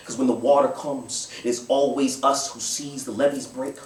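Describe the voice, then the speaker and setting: A man performing a spoken-word poem in a measured delivery that builds in intensity. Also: mid-range voice, far from the mic. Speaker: competing poet. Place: museum event space with live audience. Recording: echoey room picked up from afar.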